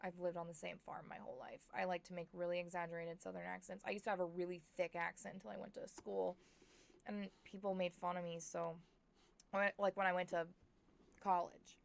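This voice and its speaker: A tired young woman from Oklahoma with an Oklahoma accent, chatting excitedly and rambling as she streams a life-simulation game. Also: lowish voice, fairly quick, gravelly. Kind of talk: casual chat while playing a game.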